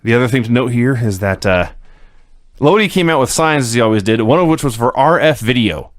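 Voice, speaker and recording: A man co-hosting a podcast, recapping with wry, deadpan jokes and frequent chuckles. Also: medium pitch, a little fast, dry recording, clean studio sound. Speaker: podcast co-host recapping wrestling. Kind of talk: casual podcast chat.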